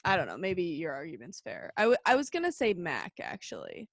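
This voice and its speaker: A woman's voice: fairly low pitch, wildly swooping pitch, brisk, no echo, studio quality. A woman co-hosting a casual podcast, talking enthusiastically about an episode and laughing often. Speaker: podcast co-host. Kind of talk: casual chat.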